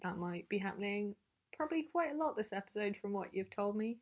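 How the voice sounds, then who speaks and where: A woman co-hosting a true-crime podcast, with a dry, deadpan and sarcastic way of talking. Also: mid-range voice, fairly quick, rough recording. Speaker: podcast co-host.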